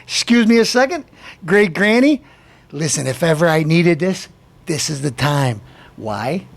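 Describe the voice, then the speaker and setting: A man hosting a comedy show, delivering a mocking political rant with taunts and shouted outbursts. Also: a little high, animated, a little slow, vocal fry.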